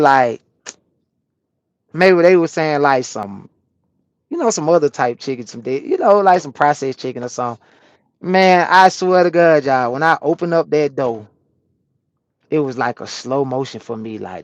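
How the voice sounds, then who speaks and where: A man's voice: on the high side, normal speed, no echo. A man with a Southern US accent, a truck driver chatting casually with his livestream viewers and telling stories in slangy, swearing talk. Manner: animated storyteller, swears freely, slangy. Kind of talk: casual livestream chat, reading comments. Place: truck cab on a rest break.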